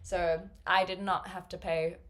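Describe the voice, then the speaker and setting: A woman's voice: lowish voice, flat delivery, unhurried, a bit bright. A woman live-streaming, chatting casually with her viewers, rambling with lots of fillers and frequent laughter.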